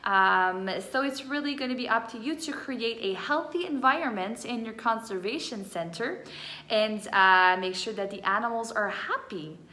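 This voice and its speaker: Her pitch sits fairly high and her delivery is pushed and bright at a moderate pace as this first grade teacher explains math to little kids with many fillers. The recorded lesson takes place in a whiteboard-equipped home room with echo.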